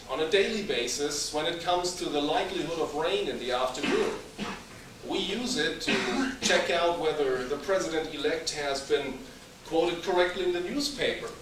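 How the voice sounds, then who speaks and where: A man gives a public lecture, stressing his points in a measured way. His voice is high and animated. It is recorded from far off in a very echoey hall with steady noise behind. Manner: measured, emphatic.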